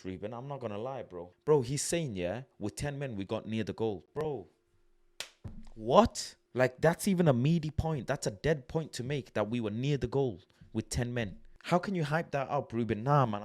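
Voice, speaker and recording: A man's voice: medium pitch, expressive, moderate pace, no room sound. A young man ranting bluntly about his football club in casual slang, swearing and exasperated as he reads out quotes. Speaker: football fan vlogger. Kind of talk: casual rant reading out quotes. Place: home at night.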